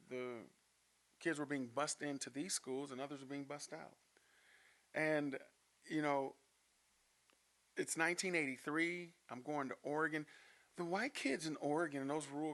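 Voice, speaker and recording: A man's voice: a little high, moderate pace. A man in his fifties from Denver, a podcast guest telling personal stories with frequent laughs. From Denver, Colorado, USA. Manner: animated storyteller, laughs often. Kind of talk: podcast storytelling.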